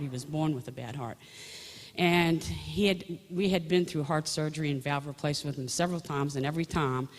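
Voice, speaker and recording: A woman sharing a personal faith story in a conversational storytelling way, often restarting her sentences. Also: low voice. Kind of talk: personal testimony talk. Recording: long reverb of a large hall.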